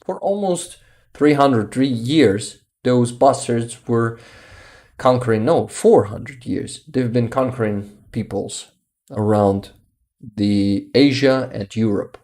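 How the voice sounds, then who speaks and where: A man's voice: mid-range voice, slow, darkish tone. Ukrainian-accented man chatting on a livestream. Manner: searches for English words, laughs often. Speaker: livestream host. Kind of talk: casual live-stream chat reading messages.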